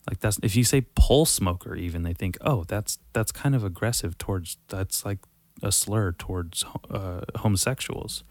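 A man with a fairly low voice holds forth on his podcast in a casual, profane rant. He gets heated and sarcastic, cursing freely and jumping from loud outbursts to quiet muttering. The sound is dry and close, with no room echo. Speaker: podcast host.

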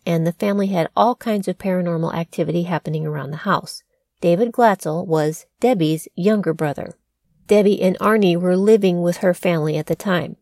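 A woman's voice: lowish voice, warm tone, no room sound, studio quality. A woman hosting a podcast, telling a true crime story in a conversational way with wry asides. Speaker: podcast host.

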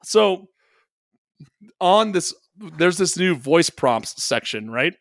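A man's voice: a little high, big pitch swings, slow pace, no echo, studio quality. A man co-hosting a podcast, rambling through funny personal stories in casual chat and poking fun at himself. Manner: rambling storyteller, self-mocking, stumbles and restarts. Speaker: podcast co-host.

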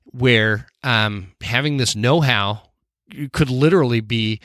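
A man's voice: medium pitch, slow, a bit bright, no room sound, clean studio sound. A man hosting a podcast, talking in an earnest, reflective way during a casual conversation. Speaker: podcast host.

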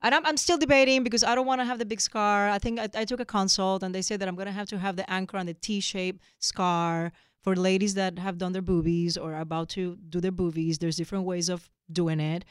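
Animated woman telling teasing stories. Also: medium pitch, a little fast, few pauses, smooth, no room sound, studio quality. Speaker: podcast co-host. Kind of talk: casual chat.

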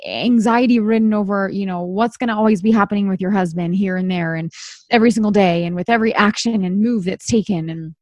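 A woman hosting an interview, gently probing her guest with empathetic questions. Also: medium pitch, fast, no echo. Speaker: host. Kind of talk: interview conversation.

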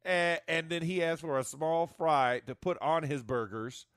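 A man's voice: on the high side, a little slow, dry recording. Guy telling big stories on a podcast, laughs a lot, dry close sound. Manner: animated storyteller, laughs often. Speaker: former football player, co-host. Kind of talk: casual sports chat.

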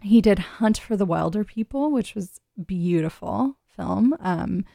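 Giggly woman radio host, gravelly voice. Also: mid-range voice, animated, unhurried, dark tone, dry recording, clean studio sound. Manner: chatty, rambling, laughs often. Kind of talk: casual radio chat.

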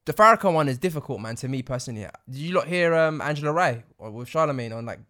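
A man co-hosting a podcast, with a bright, forceful voice pitched a little high. He fires off opinions at a rapid clip, peppering them with slang. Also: expressive. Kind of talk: casual chat.

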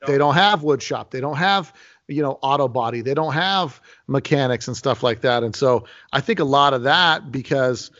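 A man in his forties hosting a casual podcast, telling animated stories with frequent restarts. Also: medium pitch, moderate pace. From Las Vegas. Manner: animated storyteller, many restarts. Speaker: host. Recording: lo-fi muffled audio.

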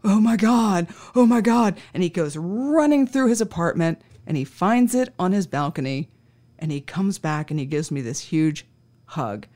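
A woman's voice: low voice, expressive, moderate pace, a little mellow. Wry woman telling a case-file story. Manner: wry, conversational, acts out dialogue. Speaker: podcast host. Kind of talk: true-crime anecdote storytelling.

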